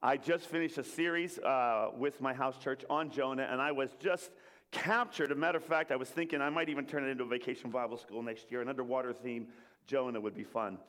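A man's voice: medium pitch, fairly even intonation, fairly quick, fairly bright tone. A man preaching a playful sermon, joking with the congregation and leading them in call-and-response. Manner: jokey, leads the crowd in call-and-response. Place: church hall with an audience. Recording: long reverb of a large hall.

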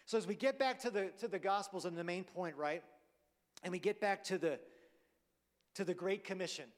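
A man's voice: high voice, normal speed. Man preaching in a big reverberant hall. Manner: conversational, often asks "right?". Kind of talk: sermon.

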